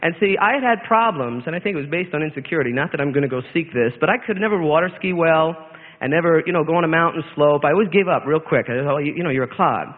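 A man's voice: on the high side, lively intonation, quick pace. A man giving an earnest, rambling spoken testimony in church, often restarting his sentences. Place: church hall. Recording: tinny lo-fi tape in a reverberant hall.

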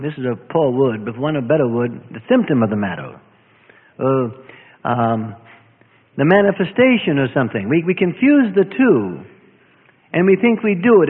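A man preaches with a high, lively voice that climbs and falls, a little husky at the edges. He sounds earnest and searching, repeating phrases and sinking to near-hushed tones. The sound is thin and phone-like, with a long hall reverb trailing behind. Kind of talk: sermon.

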